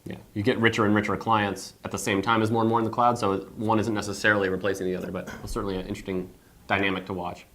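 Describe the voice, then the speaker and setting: Fast-talking man on a tech panel. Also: on the low side, flat delivery, fairly bright tone. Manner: quick, talks in long flowing sentences. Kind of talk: casual tech panel chat.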